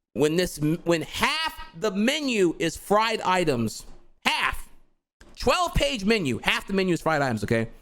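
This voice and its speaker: A man's voice: high-pitched, fairly bright tone. A young man ranting heatedly to his stream audience, profane and rambling, full of fillers like "dude" and "bro". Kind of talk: casual ranting monologue.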